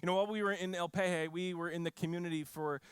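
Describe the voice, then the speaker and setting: A man preaching a sermon, telling a mission story with frequent restarts and lively quoted voices. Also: sits high, fast, clear, resonant tone, no echo. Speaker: pastor.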